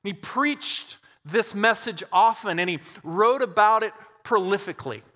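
A man telling a church history story as part of a sermon, with slow, dramatic pauses. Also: sits high, sharp tone, long reverb tail.

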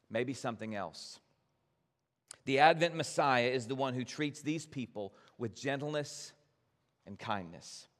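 A man preaching a sermon as pastor, gentle and earnest, addressing his congregation directly. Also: mid-range voice, big-room sound.

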